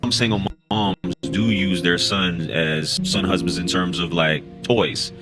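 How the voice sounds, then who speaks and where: A man explaining a topic in quick, casual commentary in a played clip. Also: sits low, fairly even intonation, over loud music.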